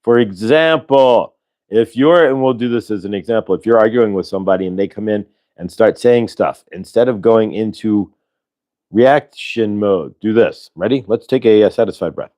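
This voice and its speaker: Low-pitched male host, loose casual delivery, restarts often, sighs between breaths. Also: normal speed. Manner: rambling, relaxed, with many fillers and restarts; sighs audibly between instructions. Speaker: host leading a breathing exercise. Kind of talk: casual spoken guidance.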